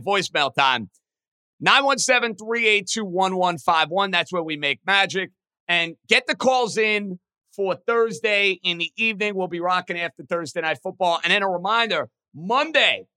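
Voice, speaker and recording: A man hosting a sports podcast in casual, excitable talk. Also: no echo. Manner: excitable, chatty, pitch jumps when animated.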